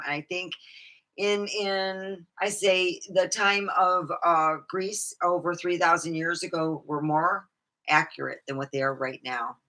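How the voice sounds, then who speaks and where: A woman's voice: fairly low pitch, bright, forceful tone. A woman talking alone in her room in a rambling, swearing vlog monologue, laughing at her own jokes. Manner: rambling, swearing, jumps between topics. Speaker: vlogger.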